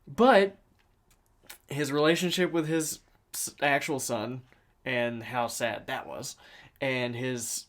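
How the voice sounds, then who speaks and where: A laid-back man co-hosting a movie review chat. He rambles in an easygoing, profane way, and his voice sits at a middling pitch. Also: fairly even intonation, takes it slowly, long pauses, fairly bright tone. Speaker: podcast co-host.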